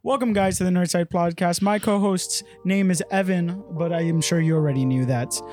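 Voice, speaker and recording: A man's voice: high voice, brisk, darkish tone, faint music behind. A man in his twenties hosting a podcast, chatting casually and teasing his co-host. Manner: joking, teasing banter. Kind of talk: casual chat.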